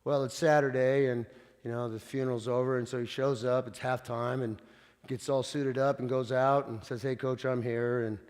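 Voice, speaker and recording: A man's voice: mid-range voice, steady tone, moderate pace, darkish tone. A man preaching a sermon as pastor, telling stories in a conversational way with frequent restarts. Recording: long reverb of a church hall.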